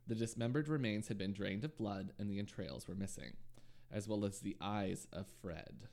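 A man hosts a true crime podcast and tells the case in a relaxed, conversational way, sprinkling in ums and side remarks. His voice is low and gravelly with plenty of vocal fry. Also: moderate pace. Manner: relaxed narration with frequent ums and asides. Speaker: podcast host.

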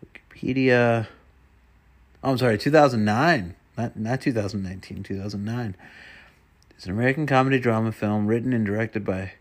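A man's voice: lowish voice, brisk. A man chatting casually and rambling to himself while browsing online, swearing often and muttering under his breath. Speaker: vlogger.

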